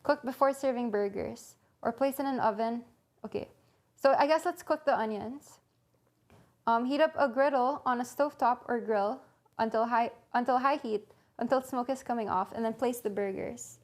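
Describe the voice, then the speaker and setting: A young woman with a voice on the high side and a moderate pace casually chats on a livestream from her home kitchen, reading a recipe aloud and thinking things through for her viewers.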